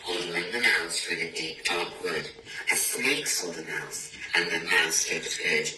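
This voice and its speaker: A man on a school's staff reading a picture book aloud to children, expressive and storytelling. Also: low voice, a little slow. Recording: echoey room, distant mic, noisy.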